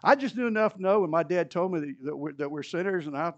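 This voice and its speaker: A man preaching a sermon as a pastor, his voice sitting a little high and moving in wide, lively swings. He explains scripture with energy and slips in humorous asides. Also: fast talker, no room sound, muffled recording.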